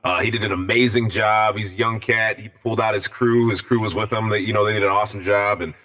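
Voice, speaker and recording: A man's voice: on the low side, fairly even intonation, fast talker, pushed and bright. A man co-hosting a podcast, talking in a laid-back, enthusiastic way. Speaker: podcast co-host. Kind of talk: casual podcast chat. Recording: dull lo-fi sound.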